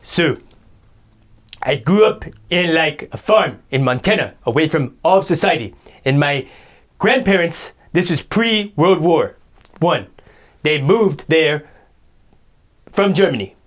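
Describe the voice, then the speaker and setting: A man's voice: a little high, expressive, slow pace, pauses often. A man playing a boastful, self-pitying guy who rambles indignant complaints in an improvised comedy sketch.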